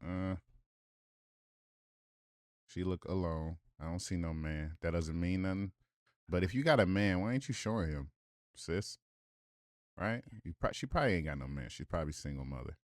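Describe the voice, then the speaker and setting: A man's voice: sits low, moderate pace, long pauses, no echo, studio quality. A man giving casual reaction commentary, reading viewer comments aloud with blunt, profane asides and rhetorical questions.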